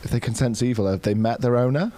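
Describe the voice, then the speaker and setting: A man's voice: medium pitch, quick pace, noisy background. A man co-hosting a podcast in casual chat, bantering cheekily and mocking himself. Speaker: podcast co-host.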